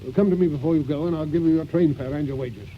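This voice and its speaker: A man's voice: on the high side, quick pace, close to an everyday voice. A man playing a brusque, bossy older colonel who barks his orders in an old radio play. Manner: blustering and brusque, barking orders. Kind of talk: 1940s radio acting. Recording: muffled old radio recording with faint hiss.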